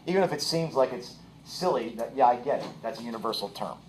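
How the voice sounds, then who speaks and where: Male teacher, mid-pitched, explaining with examples and asking "okay?", distant mic. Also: animated, fast, a little hiss or hum. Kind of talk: classroom lecture. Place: classroom. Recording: echoey classroom, voice from far off.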